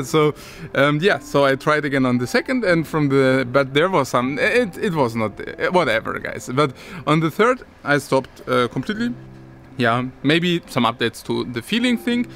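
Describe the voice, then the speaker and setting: A man's voice: medium pitch, animated, normal speed, a bit bright, soft background music. A man talking casually to his viewers as a vlogger, rambling and restarting his sentences, with occasional chuckles. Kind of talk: casual talk to camera.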